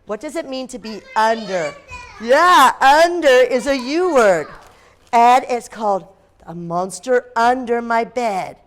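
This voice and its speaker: A woman teacher reading aloud and leading games in a classroom, lively and expressive with playful gasps. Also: fairly high pitch, takes it slowly.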